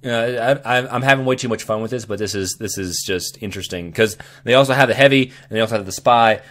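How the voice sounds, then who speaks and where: Brief: male gaming vlogger, mid-pitched voice, loose, joking, rambling delivery. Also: fast talker, fairly bright tone. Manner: playful, joking, self-amused. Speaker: gaming video host. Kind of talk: casual rambling chat.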